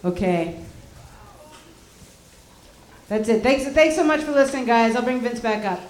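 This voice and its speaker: Canadian female comic, brash and crude, slow delivery, echoey club. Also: fairly high pitch, background noise. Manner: brash, profane, lively. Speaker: stand-up comedian. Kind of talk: stand-up comedy set. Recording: roomy club echo.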